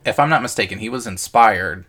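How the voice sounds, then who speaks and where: A man's voice: lowish voice, a little fast, fairly bright tone, husky. A man co-hosting a podcast in casual chat, hesitant with many fillers and restarts, swearing freely. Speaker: podcast co-host.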